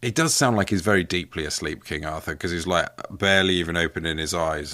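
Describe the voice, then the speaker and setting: A man's voice: low voice, fast talker, hardly any pauses, sharp tone. A man with a Northern English accent co-hosting a comedy podcast, joking playfully and laughing often. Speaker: podcast co-host. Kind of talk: comedic casual chat.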